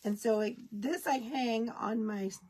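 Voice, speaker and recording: A woman's voice: on the high side, unhurried, darkish tone, slightly rough. A woman hosting a live craft tutorial, chatting folksily with viewers as she works. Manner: baby talk to her dogs. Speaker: craft kit host.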